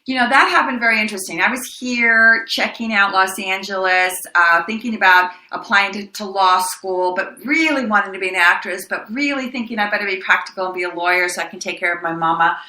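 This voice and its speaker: An older woman from Texas, an actress answering interview questions with lively stories and laughter. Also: medium pitch. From El Paso, Texas. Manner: lively, laughing, acts out quoted voices. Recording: echoey room.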